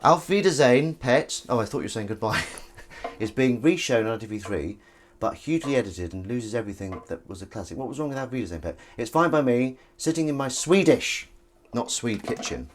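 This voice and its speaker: A man's voice: medium pitch, lively intonation, brisk, a little hiss or hum. A man hosting a livestream, chatting and rambling while washing dishes. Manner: rambling, chatty, self-interrupting. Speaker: livestream host. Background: clattering dishes and cutlery.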